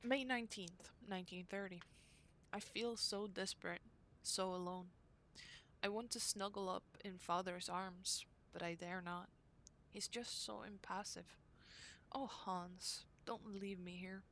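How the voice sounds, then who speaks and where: A woman reading aloud the diary entries of a young woman devoted to her brother, in an earnest, unhurried way. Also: mid-range voice, fairly even intonation, fairly bright tone, slight background noise. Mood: anxious.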